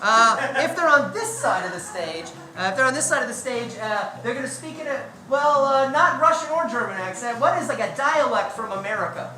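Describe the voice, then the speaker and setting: Bright-voiced woman hosting live improv. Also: on the high side, lively intonation. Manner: brisk, playful explanations to the audience. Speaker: improv comedy host. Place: comedy club stage. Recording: echoey club room with audience.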